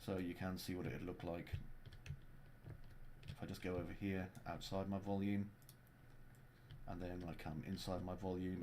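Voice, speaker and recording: Low, mellow man with a jokey manner. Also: flat delivery, moderate pace, long pauses, a little hiss or hum. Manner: jokey, playful and chatty. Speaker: game developer streaming a tutorial. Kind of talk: casual livestream tutorial.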